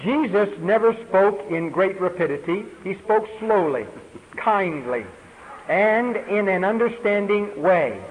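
A man reading audience questions aloud to a preacher, slowly and deliberately. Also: high-pitched, animated. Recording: reverberant hall, faint hiss.

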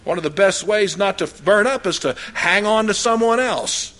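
A man's voice: high-pitched, moderate pace, a bit bright. An older man preaching a sermon in a folksy, rambling way, full of homespun anecdotes and fillers. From Oklahoma. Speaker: pastor.

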